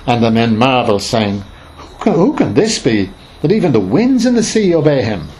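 A man's voice: mid-range voice, wildly swooping pitch, moderate pace, a little mellow, slight background noise, low-quality recording. A man leading an informal Bible study, reading scripture aloud and explaining it in a conversational, emphatic way with many fillers and restarts.

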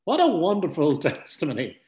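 A man's voice: on the high side, huge pitch swings, brisk, a little mellow. A man teaching a Bible passage as a sermon, earnest and conversational, repeating his key points and adding asides. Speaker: preacher. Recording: roomy echo.

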